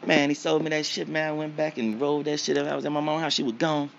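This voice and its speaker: A man's voice: on the high side, flat delivery, fast, vocal fry, dull audio, noisy background. A man telling his story casually in slangy, profane, punchy speech. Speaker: interviewee.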